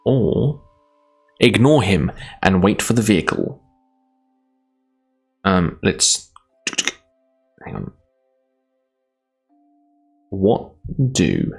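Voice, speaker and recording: A man's voice: sits low, very animated, drawn-out words, creaky, pauses often, husky, soft background music. A Scottish man streaming live, reading a gamebook aloud in a chatty, self-deprecating way, laughing often.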